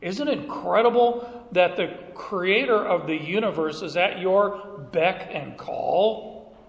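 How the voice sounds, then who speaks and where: A man's voice: sits high, slow, creaky. A middle-aged man preaching a sermon, telling stories with emphatic delivery, recorded in a church hall. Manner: storytelling, emphatic. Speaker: pastor. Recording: echoey hall, roomy reverb.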